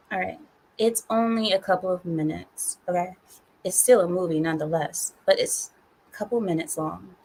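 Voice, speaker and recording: A hoarse woman hosting a casual live stream, teasing and scolding her viewers in a mock-stern way. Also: lowish voice, unhurried, long pauses, a little mellow. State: hoarse from screaming. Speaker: livestream host.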